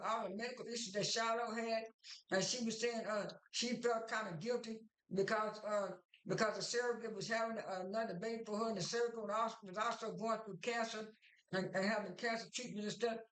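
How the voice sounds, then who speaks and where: A woman with a slightly high voice recaps a TV episode in a loose, casual way. She stumbles often, repeating words and filling pauses with long strings of "uh." The recording carries a noticeable roomy echo. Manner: halting, many fillers and repeated words. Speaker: show recap vlogger.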